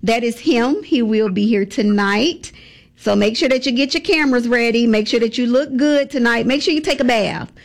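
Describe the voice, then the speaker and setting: A woman with a Southern accent hosting a radio show, chatting lively and playfully with a guest. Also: a little high, normal speed. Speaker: radio host. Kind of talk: casual radio interview.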